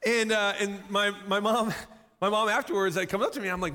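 A man with a fairly high, bright voice preaches to a congregation, spinning a story about himself with lively, self-mocking humor and frequent laughter. His voice carries through a sanctuary with a long, echoey hall reverb. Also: fast talker. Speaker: pastor. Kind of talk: storytelling sermon. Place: church sanctuary.

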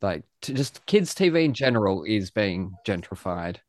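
A man's voice: fairly low pitch, big pitch swings, moderate pace, a little mellow, no room sound, studio quality. A man from Australia, hosting a podcast with a joking, self-mocking manner and casual swearing. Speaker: podcast host. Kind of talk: casual chat.

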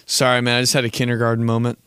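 A man's voice: medium pitch, monotone, rapid-fire, a bit bright, clean tone, no echo, studio quality. A young man in his twenties hosting a podcast, joking and rambling in a laid-back, casual way and swearing often. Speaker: podcast host. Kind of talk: casual comedic monologue.

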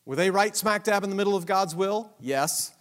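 A man preaching a Bible lesson, animated and self-deprecating, asking the audience many rhetorical questions. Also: high voice, moderate pace. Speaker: pastor. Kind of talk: sermon-style Bible teaching.

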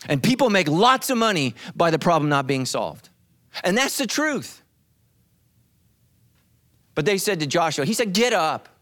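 Animated preacher man, high lively voice. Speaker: pastor. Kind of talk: sermon.

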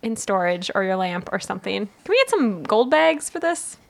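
A woman player in a tabletop game, chatting quickly and casually. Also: mid-range voice, big pitch swings, vocal fry. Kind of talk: casual chat.

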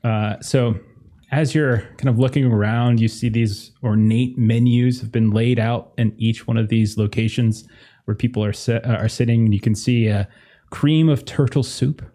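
A man narrating a tabletop horror game as game master, halting with many fillers and restarts. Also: medium pitch, level tone, warm tone.

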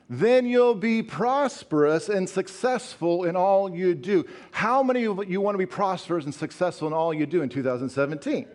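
Male pastor, middle-aged, from rural Colorado; high-pitched, emphatic, repetitive sermon delivery with questions to the room. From northeastern Colorado. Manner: emphatic, repeats phrases, asks the congregation questions.

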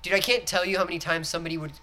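A man co-hosting a casual podcast chat, animated and profane, acting out lines from a movie. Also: high voice, racing, a little hiss or hum. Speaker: podcast co-host.

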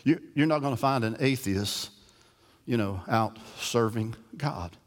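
A man preaching a sermon as pastor. He often repeats words as he starts and moves from quiet to forceful emphasis. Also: mid-range voice, a little slow, long reverb tail.

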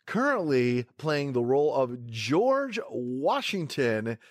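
A man's voice: medium pitch, sing-song, slow pace, no echo, clean studio sound. A man hosting a comedy podcast, chatting playfully and joking around, sometimes stumbling over his words. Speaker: podcast host. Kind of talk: casual comedy chat.

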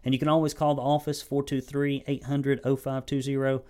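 A man's voice: medium pitch, little pitch movement, a little fast, a little mellow. A man with a Southern US accent giving a blunt, folksy, sarcastic sales training talk to camera as a business coach.

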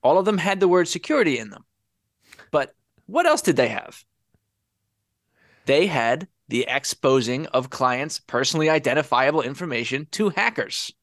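Lively, sarcastic man hosting a podcast. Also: fairly high pitch, dry recording, studio quality. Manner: wry, sarcastic, lively delivery. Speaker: podcast host. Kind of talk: casual podcast chat.

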